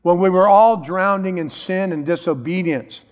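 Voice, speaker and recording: Man, middle-aged pastor, emphatic sermon, slightly high voice, echoing church hall. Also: normal speed. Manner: emphatic preaching, repeats key phrases.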